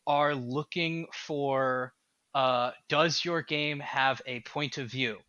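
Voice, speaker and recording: A man who is a game developer, talking as a podcast guest in an animated, rambling way. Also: mid-range voice, takes it slowly, no room sound, muffled recording. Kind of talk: casual podcast chat.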